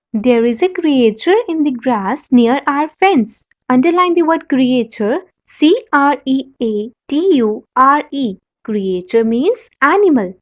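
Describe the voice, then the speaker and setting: A woman's voice: high voice, muffled recording. A woman teacher with an Indian English accent reads a story passage to young pupils, explains words and spells them out letter by letter. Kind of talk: classroom lesson, reading a passage and spelling words.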